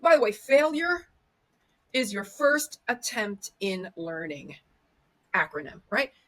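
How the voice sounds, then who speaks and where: Husky-voiced woman giving motivational talk. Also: medium pitch, sing-song, slow pace, sharp tone. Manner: emphatic, repetitive lists, restarts. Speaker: podcast guest, media coach.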